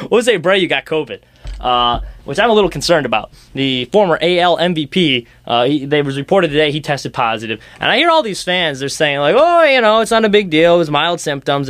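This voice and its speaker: A man's voice: a little high, a bit bright, no echo. Rambling young man ranting about sports. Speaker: sports podcast host. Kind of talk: casual sports chat.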